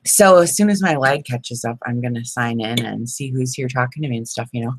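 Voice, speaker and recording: A woman's voice: very deep voice, fairly quick, no echo, low-quality recording. A middle-aged woman chatting casually on a crafting live stream, rambling and laughing often. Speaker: crafting vlogger.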